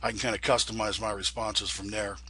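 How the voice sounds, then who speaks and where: A congested man talks through a computer tutorial in a loose, folksy ramble, often restarting his sentences. His voice is husky and bright, with a hoarse edge. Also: fairly low pitch, flat delivery, brisk. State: congested from a sinus infection. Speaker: flight sim video host. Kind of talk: casual tutorial talk.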